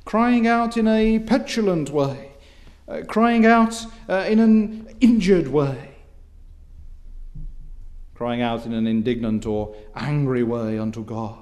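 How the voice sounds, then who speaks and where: Measured, formal male preacher. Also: on the high side, expressive, darkish tone. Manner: measured, formal preaching with quoted scripture, rising when impassioned. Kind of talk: expository sermon.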